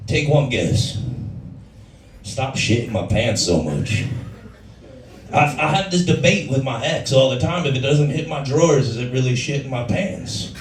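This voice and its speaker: A man with a raspy voice doing a brash, crude stand-up comedy set in a bar. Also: mid-range voice, animated, a little slow, a little hiss or hum. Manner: brash, crude, swears freely. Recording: echoey room from far off.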